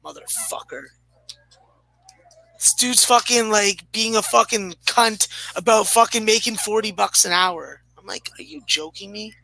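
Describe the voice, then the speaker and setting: Profane, ranting man, bright voice. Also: high-pitched, measured pace, creaky, no room sound, rough recording. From Canada. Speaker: podcast regular. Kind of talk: casual podcast chat.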